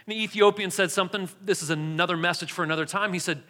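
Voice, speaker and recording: A man preaching a sermon in a casual, animated storytelling way. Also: high-pitched, fast. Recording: long hall reverb.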